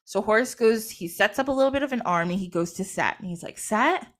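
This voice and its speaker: Animated woman retelling a myth. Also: mid-range voice, quick pace. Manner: animated, laughs often, acts out quotes. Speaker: podcast guest or host. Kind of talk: casual chat retelling a myth.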